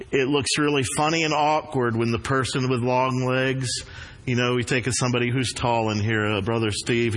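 A man's voice: mid-range voice, fairly bright tone. A man preaching a sermon as pastor, with an earnest, repeating cadence, in a church. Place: church sanctuary. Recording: long reverb of a hall.

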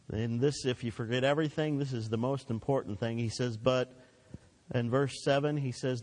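A man preaching a sermon in a church sanctuary, his voice trailing off into long reverb. His delivery is emphatic, surging on key phrases and falling low on others, and he draws the congregation into repeating after him. His pitch sits mid-range for a man. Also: darkish tone. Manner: emphatic preaching with swelling and dropping delivery, leads call-and-response. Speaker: pastor.

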